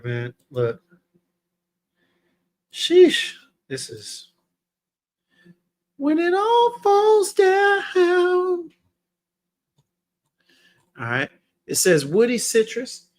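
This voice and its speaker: A Texan fragrance reviewer hosts a casual livestream, his voice fairly high for a man. He speaks loosely and with slang right to his viewers, thinking out loud along the way.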